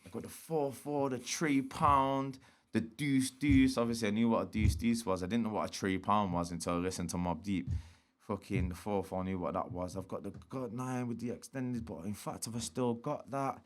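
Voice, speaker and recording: A man's voice: fairly low pitch, steady tone, a little fast. A man, a guest telling street stories in a slangy, swearing style and acting out quotes. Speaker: interview guest. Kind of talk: casual storytelling.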